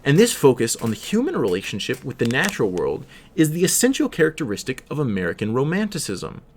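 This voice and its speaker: Halting young man reading study notes. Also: mid-range voice, wildly swooping pitch, a little hiss or hum. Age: teens. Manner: halting, with frequent fillers and self-corrections; slow sing-song delivery on verse lines. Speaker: student reader. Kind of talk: reading aloud and explaining a study text.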